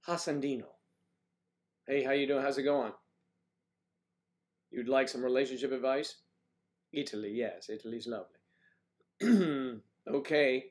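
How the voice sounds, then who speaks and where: A man's voice: mid-range voice, fairly even intonation, measured pace, pauses often. An older man hosting a casual morning livestream, chatting playfully and greeting viewers by name as he reads their comments. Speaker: livestream host.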